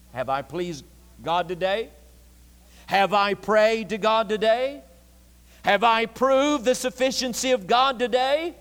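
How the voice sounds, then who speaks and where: A man preaches an evening sermon in a high, ringing voice, hammering phrases home again and again. His words echo with a long tail through a large church sanctuary. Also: a bit bright. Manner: emphatic, repetitive preaching cadence.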